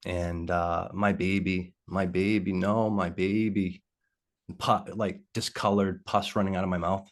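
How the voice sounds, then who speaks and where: A man talking as a guest in a video-call interview, telling a personal story in a halting way with lots of pauses and fillers. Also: sits low, level tone.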